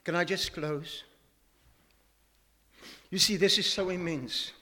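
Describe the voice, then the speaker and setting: An older male pastor delivers an emphatic sermon in a fairly high voice, pressing his listeners with rhetorical questions. His words ring out in a church hall with a long, lingering reverb. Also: takes it slowly, pushed and bright. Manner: emphatic, asks rhetorical questions, quotes scripture.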